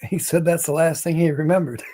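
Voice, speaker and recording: A man hosting a live stream, chatting casually with viewers in a slow, rambling way and chuckling between lines. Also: fairly high pitch, steady tone, warm tone.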